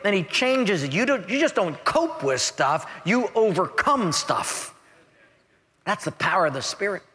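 A man preaching a sermon as pastor, an animated storyteller who acts out the voices in his stories. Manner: animated storyteller, acts out quoted voices with big pitch swings. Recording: echoey hall reverb.

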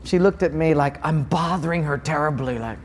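A man's voice: a little high, brisk, slight background noise. A man preaching a sermon, telling stories and acting out people's voices with big jumps in his tone. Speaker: pastor. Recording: long hall reverb.

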